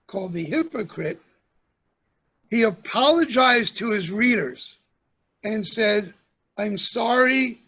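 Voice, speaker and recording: A man lecturing to a congregation, speaking slowly and pausing often, with "um"s between his points. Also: high voice, gravelly, a bit bright, dull audio. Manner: slow, measured delivery with pauses and fillers. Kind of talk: talk to a congregation.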